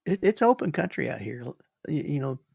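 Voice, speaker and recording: A man's voice: medium pitch, very animated, fairly quick, creaky, a little mellow, husky, no echo, clean studio sound. An older man hosting a livestream, telling rambling stories with repeated words and chuckles. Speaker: livestream host. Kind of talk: casual storytelling.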